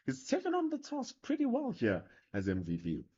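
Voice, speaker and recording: A man calling live cricket play, lively and playful between the deliveries. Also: high-pitched, normal speed, husky. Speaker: cricket commentator. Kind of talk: live sports commentary. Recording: lo-fi broadcast sound.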